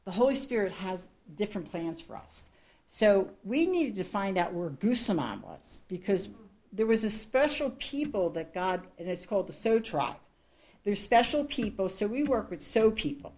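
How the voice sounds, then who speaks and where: A woman's voice: medium pitch, sing-song, moderate pace, darkish tone. Woman missionary sharing her testimony with a church crowd, earnest and rambling, keeps restarting her sentences. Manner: rambling, with frequent restarts and asides; earnest, laughs at her own story. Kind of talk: personal testimony to a congregation.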